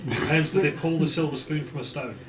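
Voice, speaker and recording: A man's voice: a little high, background noise. Wry man, distant and roomy. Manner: wry, quick quips. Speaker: tabletop game player. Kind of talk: tabletop game banter.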